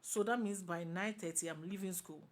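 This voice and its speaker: Speaking at an ordinary pace with a fairly low pitch, this woman holds forth on a talk show panel in Ghanaian English. She's opinionated and forceful, circling back to the same points to drive them home.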